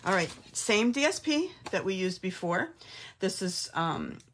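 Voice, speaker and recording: In her home craft room, a middle-aged woman hosts a casual craft tutorial, chatting and thinking aloud while she works. Her mid-range voice is very animated and a little slow, with background noise present.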